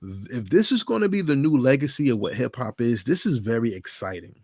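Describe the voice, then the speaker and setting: A man's voice: medium pitch, fairly quick, dry recording. Guy doing hip-hop commentary, fired up, asks lots of questions, dry close sound. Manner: animated, emphatic, rhetorical questions. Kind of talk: casual solo commentary to camera.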